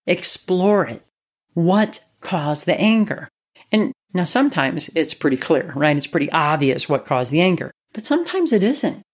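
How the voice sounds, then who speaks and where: Woman with a lowish voice telling a story. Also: very animated, moderate pace, slightly rough. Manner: earnest, reflective, with frequent "you know" fillers. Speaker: speaker giving life advice. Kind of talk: personal storytelling and advice talk.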